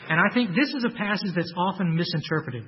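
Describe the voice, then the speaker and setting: A man's voice: high voice, animated, fast talker, muffled recording. A man preaching a sermon, earnest and repeating his phrases, his voice lifting when he quotes Scripture.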